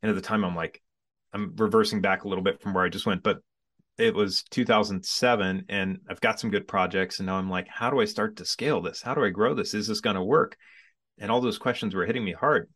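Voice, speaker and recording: A man in his forties, a guest on an interview podcast, telling his business story in a casual, animated way and acting out his own past reactions. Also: lowish voice, a little fast.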